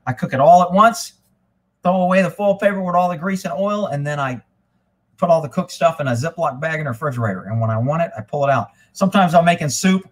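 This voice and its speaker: A man hosting a casual live stream, rambling and swearing freely, getting animated when he retells a story. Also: on the high side, fast talker. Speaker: livestream host. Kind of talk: casual livestream chat.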